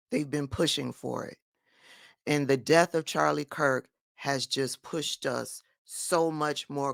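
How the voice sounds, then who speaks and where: A woman's voice: deep voice, no room sound, clean studio sound. A woman giving firm, emphatic political commentary in a vlog monologue.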